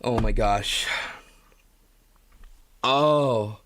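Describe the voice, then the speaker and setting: A man's voice: fairly low pitch, extremely slow, noisy background. A man live streaming, ranting in a rambling, profane, self-pitying way and breaking into laughter. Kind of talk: comedic live-stream rant.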